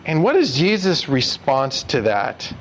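A man's voice: fairly high pitch, wildly swooping pitch, unhurried, slight background noise, rough recording. A man preaching a conversational sermon as pastor, earnest and putting direct questions to his congregation.

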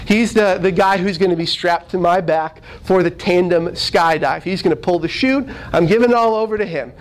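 A man who is a minister, telling a humorous story from the pulpit in an animated, self-deprecating way. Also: sits high, normal speed, low-quality recording.

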